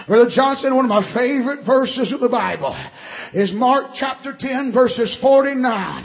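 A preacher with a very high, gravelly voice works a church service, his words swelling into fiery shouts and long drawn-out cries. The recording is muffled and lo-fi. He preaches a revival sermon with rising intensity. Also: long reverb tail.

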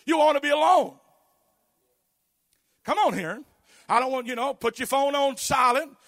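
High-voiced fervent preacher. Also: male voice, moderate pace, no echo, studio quality. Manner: fervent, shouts in bursts, repeats amen, rhetorical questions. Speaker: pastor. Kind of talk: sermon.

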